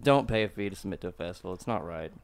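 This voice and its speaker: Blunt, profane man with a smooth voice. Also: low voice, expressive. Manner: blunt, profane, quick riffing. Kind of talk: casual comedy podcast chat.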